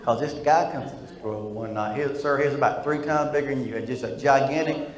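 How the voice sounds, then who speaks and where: A man's voice: medium pitch, brisk, roomy sound, poor audio. A man doing stand-up comedy. He tells stories with a stutter, often repeating words, and talks straight to the audience.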